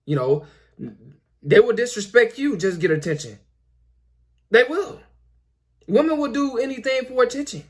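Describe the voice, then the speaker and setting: Young male host, high voice, preachy and repetitive, filler-heavy casual monologue. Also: animated, normal speed, long pauses. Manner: repetitive, preachy, lots of "you know" fillers. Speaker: commentary video host.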